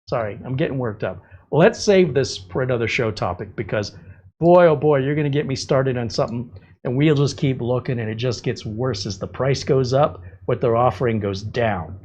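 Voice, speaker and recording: Husky man ranting sarcastically. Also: mid-range voice, normal speed, darkish tone, highs cut off. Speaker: livestream host. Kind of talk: casual livestream commentary.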